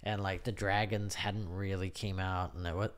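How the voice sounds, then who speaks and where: Deep-voiced male guest; easygoing and agreeable, conversational. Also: level tone, normal speed, a bit bright, smooth. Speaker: podcast guest. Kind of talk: casual chat.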